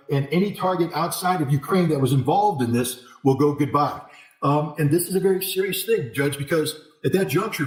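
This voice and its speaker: Emphatic man in an echoey room. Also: a little high. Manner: forceful, repetitive emphasis, sarcastic asides. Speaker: interview guest, military commentator. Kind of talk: emphatic political commentary.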